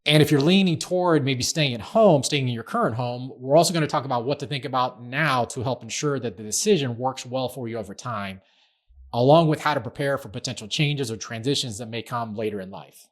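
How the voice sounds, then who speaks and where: A man's voice: mid-range voice, fairly quick. A middle-aged man hosting a podcast, talking in a chatty, self-deprecating way. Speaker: podcast host. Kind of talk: casual podcast chat.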